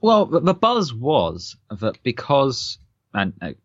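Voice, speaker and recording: A man's voice: medium pitch, huge pitch swings, takes it slowly, no room sound, dull audio. A man co-hosting a podcast, chatting casually and laughing often. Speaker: podcast co-host. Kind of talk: casual chat.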